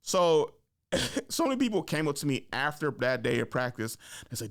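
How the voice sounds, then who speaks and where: A young man hosting a podcast, telling a story in a casual, animated way, full of slang and swearing, acting out what people said. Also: fairly high pitch, moderate pace, vocal fry. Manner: animated, acts out quotes, swears freely, slangy. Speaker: podcast host.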